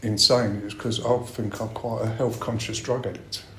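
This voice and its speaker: A man's voice: lowish voice, little pitch movement, normal speed, a little hiss or hum. A middle-aged man giving a blunt personal share at a recovery meeting, swearing a lot as he talks. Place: meeting room. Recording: roomy meeting-room echo.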